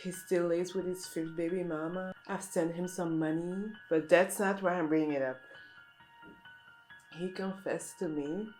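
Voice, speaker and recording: A woman delivering a deadpan, mock-serious satirical monologue as a comedic vlogger. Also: fairly low pitch, unhurried, soft background music, rough recording.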